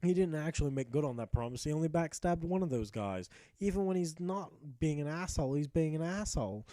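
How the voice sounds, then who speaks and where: A man's voice: fairly high pitch, animated, a little fast, mellow, dry recording. A man narrating his video game playthrough as a jokey, profane mock-epic tale. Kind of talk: comedic game commentary told as a tale.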